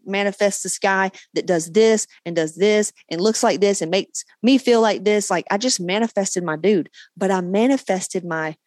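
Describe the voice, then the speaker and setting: A woman podcast host and coach giving a blunt, profane, animated motivational monologue. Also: medium pitch, no echo.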